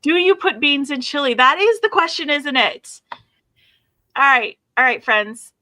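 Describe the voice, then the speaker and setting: A woman's voice: high voice, lively intonation, a little slow, noisy background. A woman co-hosting a crafting livestream, welcoming viewers in upbeat, casual chat and thinking aloud with fillers. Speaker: co-host of a beading livestream.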